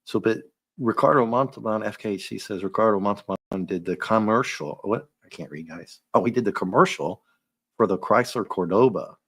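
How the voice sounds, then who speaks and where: Low-voiced man hosting a comic chat. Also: normal speed, husky, no echo, clean studio sound. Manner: animated, joking, drops into silly impressions. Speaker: comic review host. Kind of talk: casual chat.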